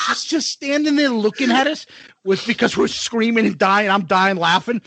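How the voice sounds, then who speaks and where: A man's voice: sits high, measured pace, long pauses, pushed and bright. A man co-hosting a podcast, out of breath from laughing as he tells a profane story. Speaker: podcast co-host. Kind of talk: casual storytelling.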